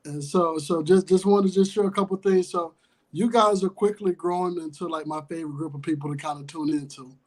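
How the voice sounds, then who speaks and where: A man's voice: fairly high pitch, fairly even intonation, rough recording. A man calling into a live sports chat stream, speaking earnestly and carefully with lots of "you know" and "kinda.". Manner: earnest, measured, full of fillers. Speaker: caller joining the stream. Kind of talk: casual chat.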